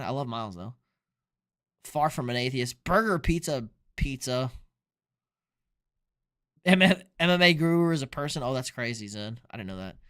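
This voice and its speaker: Young guy, sports streamer, sharp high voice, loose and profane, a few beers in. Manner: loose, profane, reads chat questions aloud. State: drinking beer. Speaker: sports streamer answering chat. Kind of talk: casual live-stream chat.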